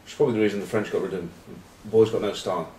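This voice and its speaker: A man's voice: lowish voice, steady tone, racing, mellow, slight background noise. A man, rambling wryly and cheekily in casual rugby chat to camera. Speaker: rugby pundit and vlog host. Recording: roomy echo, distant mic.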